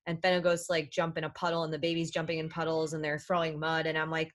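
A woman guest on a podcast, a mother speaking in an animated way, full of fillers as she questions her own parenting. Her voice sits on the low side. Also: fast talker, few pauses. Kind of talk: casual podcast chat.

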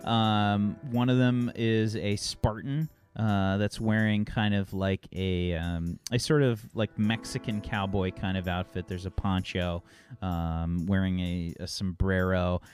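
A man's voice: deep voice, steady tone, unhurried, darkish tone, faint music behind. A man narrating a tabletop role-play game as game master, rambling with many fillers. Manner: rambling, filler-heavy description.

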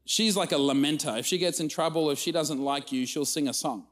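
Lively Australian pastor telling stories. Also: male voice, fairly high pitch, brisk. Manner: storytelling with animated acted-out quotes. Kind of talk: sermon. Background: audience laughter.

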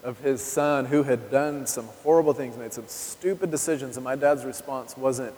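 In a reverberant church hall, a live recording captures a man in his 30s preaching a testimony sermon, speaking candidly and conversationally and directly addressing the congregation. His medium-pitched voice has a darkish tone and moves at normal speed.

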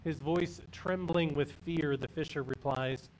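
Slow, measured male storyteller. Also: a little high, distant mic, slight background noise, low-quality recording. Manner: measured, expressive retelling. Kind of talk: fairy tale narration.

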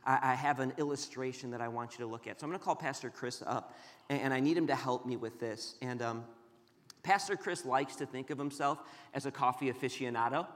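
A man in his thirties preaching a sermon as pastor, telling stories and shifting between loud urging and hushed, quiet passages. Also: mid-range voice, a little fast, in a large hall. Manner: storytelling, swings from loud urging to hushed tones. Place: large church hall.

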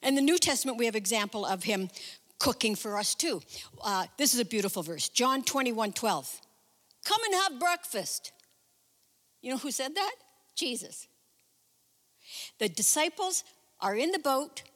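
A woman preaching a sermon, retelling a Bible story in a chatty, animated way with personal asides. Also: a little high, moderate pace. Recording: reverberant hall.

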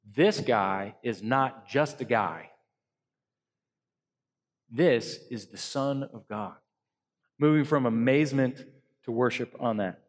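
A man preaching an earnest sermon as pastor to a congregation, swinging between loud emphasis and soft hushed lines. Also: mid-range voice, long reverb tail. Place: church hall.

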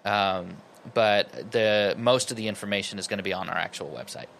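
A male guest musician chats on a podcast in a low voice that still carries a bright, forceful edge. He tells his stories in an earnest, measured way. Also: vocal fry, slight background noise. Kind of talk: casual podcast chat.

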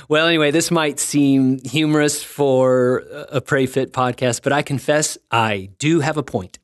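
A man hosting a devotional podcast, talking in an earnest, reflective way with gentle self-mocking humor. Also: mid-range voice, a little slow, few pauses, clear, resonant tone, no echo, studio quality. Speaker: podcast host and ministry founder. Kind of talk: scripted devotional podcast talk.

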